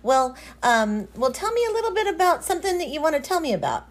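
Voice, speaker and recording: A woman's voice: high-pitched, big pitch swings, fast talker. A woman hosting an interview who talks in a chatty way, laughs easily and uses many fillers. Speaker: host. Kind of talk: casual interview chat.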